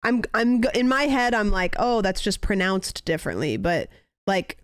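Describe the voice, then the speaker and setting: A young woman streamer rambles and muses aloud in casual chat, leaning heavily on "like" as a filler. Her mid-range voice has lively intonation and a moderate pace, recorded in clean studio sound with no room sound.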